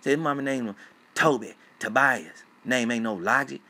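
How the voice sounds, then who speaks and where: Brief: adult man, loud profane livestream rant, mid-pitched voice. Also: moderate pace. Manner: loud, emphatic, profane, repetitive. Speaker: livestream commentator. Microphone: phone.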